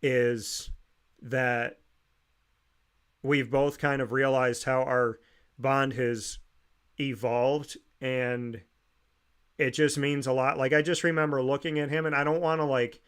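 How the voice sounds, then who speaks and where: A male show host shares a heartfelt personal story with a guest, speaking casually and earnestly. His voice is smooth and clear, sitting at an ordinary middle pitch. He pauses and restarts as he reflects. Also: fairly even intonation, fairly bright tone. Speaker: podcast host.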